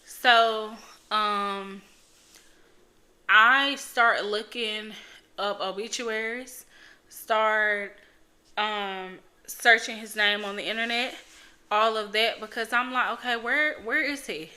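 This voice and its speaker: A young woman hosts a solo podcast in a loose, chatty way. Her voice is very bright and forward, and she speaks bluntly, swearing without hesitation. Her pitch sits in an ordinary middle range. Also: steady tone, slow pace. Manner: blunt, frank and profane, with filler words. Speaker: podcast host. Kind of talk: casual solo podcast talk.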